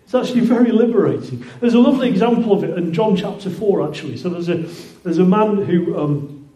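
A man's voice: high-pitched, brisk, warm tone. A man preaching a sermon in a conversational way, often repeating words and restarting phrases. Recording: roomy echoing hall.

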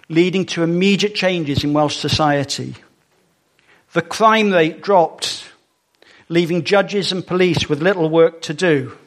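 A man giving a sermon in a conversational way, with fillers and small asides to the congregation. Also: fairly high pitch. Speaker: preacher.

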